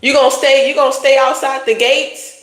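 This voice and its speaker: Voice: high voice, level tone, a little fast, a bit bright. A tarot reader giving a casual livestream reading, talking bluntly in profane slang. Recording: roomy echo.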